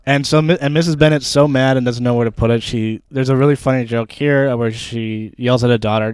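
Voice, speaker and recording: A man co-hosting a casual book discussion, animated and laughing often as he acts out quotes. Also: mid-range voice, a little fast, few pauses, clear, resonant tone, no echo.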